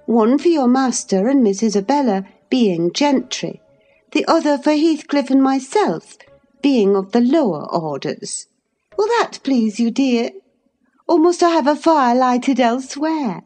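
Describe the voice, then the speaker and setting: A woman reading an audiobook, voicing an impetuous, excitable young lady of the manor in a high, eager voice. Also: a little slow, soft background music, full character voice. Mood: coaxing. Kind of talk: audiobook character voice.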